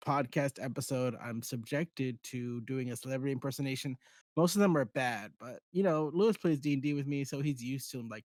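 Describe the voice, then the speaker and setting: A man's voice: mid-range voice, no echo. A man co-hosting a podcast in casual chat, rambling and self-deprecating. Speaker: podcast co-host.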